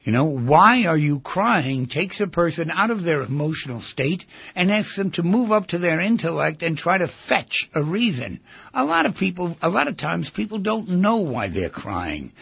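Man, radio talk show host, animated rising and falling pitch, dry close sound, rambling monologue. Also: moderate pace, gravelly, breathy edge, no echo, muffled recording. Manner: rambling, conversational, repeats phrases.

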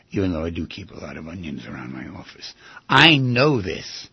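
A man's voice: medium pitch, gravelly, slightly rough, no echo, muffled recording. A man hosting a radio talk show as a psychotherapist, talking in a rambling, conversational way and repeating himself.

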